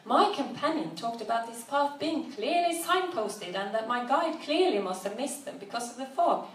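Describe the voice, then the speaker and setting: A woman's voice: a little high, lively intonation, normal speed, pitched above the performer's own voice, natural voice. A woman voicing a confused, upset young woman who speaks defensively and accusingly, recorded at a distance in a roomy room. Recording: roomy, distant mic, faint background noise.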